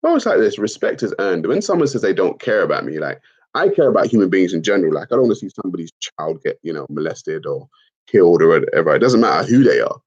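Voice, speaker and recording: A man's voice: low-pitched, big pitch swings, fast, darkish tone, slightly rough. A young man chatting casually on a livestream, reading out viewer comments in a loose, slangy manner with some swearing. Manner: laid-back, slangy, swears, laughs at comments. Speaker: livestream host. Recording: dull lo-fi stream audio.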